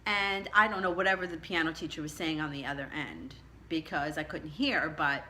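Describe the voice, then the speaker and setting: A woman's voice: moderate pace, pushed and bright, a little hiss or hum. A woman telling a personal childhood story in a chatty, reflective way, her voice jumping up on the words she stresses. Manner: chatty and reflective, pitch rising sharply on emphasis. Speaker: tarot channel host.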